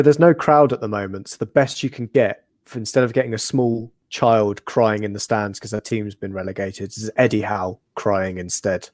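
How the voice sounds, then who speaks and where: Low-voiced dry-humoured podcast co-host. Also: male voice, darkish tone, dry recording. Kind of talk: live fan podcast chat.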